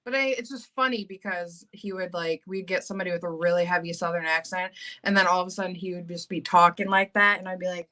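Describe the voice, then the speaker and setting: Bright, giggly woman, casual storyteller, laughs often. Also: on the low side, fairly even intonation, a little fast.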